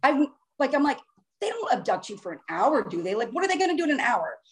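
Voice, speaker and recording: A woman with a fairly high voice tells a personal story to an interviewer. She is animated and excitable, jumping into her own past words as she goes. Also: fast, poor audio. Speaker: guest. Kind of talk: recounting a personal experience in conversation.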